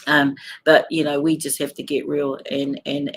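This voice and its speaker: A woman's voice: deep voice, level tone, moderate pace, a little hiss or hum. A middle-aged woman with a New Zealand accent, talking emotionally and angrily to viewers on a live stream from a hospital, swearing as she talks to them. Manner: angry, swearing, addressing viewers directly. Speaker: livestream host.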